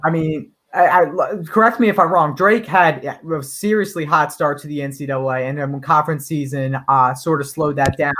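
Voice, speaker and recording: A young man hosts a relaxed basketball talk show, his voice sitting a little higher than most men's. He moderates loosely, agrees readily and passes questions around the panel. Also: normal speed, few pauses. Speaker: host. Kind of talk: casual sports chat.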